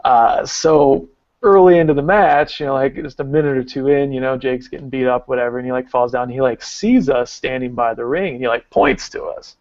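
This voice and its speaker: A man in his thirties tells a wild story on a podcast, his voice gravelly and fry-heavy. He rambles excitedly and leans on "like" constantly. The recording is dry but slightly muffled. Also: medium pitch, a little fast, no room sound. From Arkansas. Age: 30s. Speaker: podcast co-host. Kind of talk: casual storytelling.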